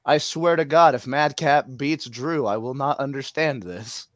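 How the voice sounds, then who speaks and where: A man co-hosting a live wrestling watch-along, excitable and swearing freely. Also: mid-range voice, unhurried, no echo, clean studio sound. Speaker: podcast co-host.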